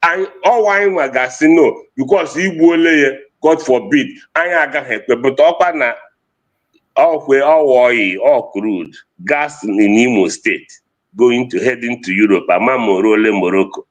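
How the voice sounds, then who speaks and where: A man's voice: medium pitch, moderate pace. A man with a Nigerian Igbo accent giving an impassioned livestream talk, switching between English and Igbo. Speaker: activist speaker.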